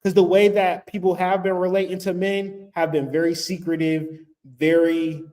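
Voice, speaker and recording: A man's voice: high voice, little pitch movement, normal speed, a little mellow. A man giving blunt, profane, joking spiritual relationship advice in a casual talk. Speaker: spiritual vlogger.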